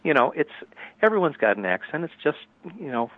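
A man's voice: a little high, big pitch swings, a little fast. A man from Michigan calling in to a radio show, talking in a blunt, opinionated way. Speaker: caller. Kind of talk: casual call-in chat. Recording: tinny phone line.

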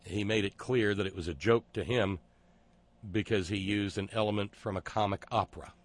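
A man's voice: on the low side, moderate pace. A man talking through a casual monologue, sarcastic and digressive, often stopping to restart his sentences.

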